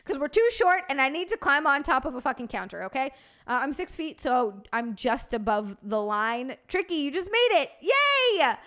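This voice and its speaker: Young woman streamer, casual chat with viewers, swears freely, bubbly, voice sits a bit high. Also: sing-song, normal speed, fairly bright tone. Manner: profane, bubbly banter. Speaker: live streamer.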